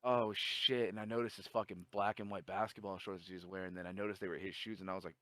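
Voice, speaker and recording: A man's voice: lowish voice, fast talker, no echo. A man telling a long story in casual chat, swearing a lot and acting out the dialogue. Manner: profane, animated storytelling with quoted dialogue.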